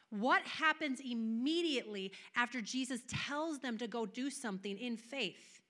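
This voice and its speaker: A woman's voice: fairly high pitch, a little slow, hardly any pauses, pushed and bright. A woman preaching a sermon, telling a personal vision and a scripture passage with passion and rising emphasis. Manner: passionate, building to raised emphatic peaks.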